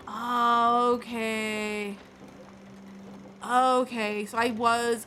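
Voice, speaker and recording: Woman, live game streamer, playful rambling chat, self-deprecating, mid-pitched voice, game music underneath. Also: a little slow, sharp tone. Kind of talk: casual live gameplay commentary.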